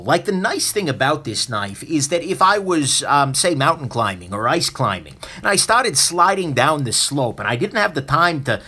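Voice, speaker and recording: A man's voice: a little high, big pitch swings, normal speed, hardly any pauses, pushed and bright, slightly rough. A man hosting a live knife review stream, chatty and joking, with many fillers and asides. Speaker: host.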